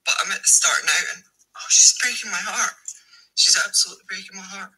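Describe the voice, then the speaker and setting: A woman's voice: mid-range voice, fast, sharp tone, slightly rough, low-quality recording. A woman giving a casual, emotional book review, sweaty after a run and rambling with fillers.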